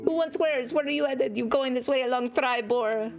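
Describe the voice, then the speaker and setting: A cheerful older cat-folk peddler, as a woman puts him on, calling out his wares with eager, bright sales patter. The voice sits high and lifts with every call. Music plays behind him. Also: moderate pace, vocal fry.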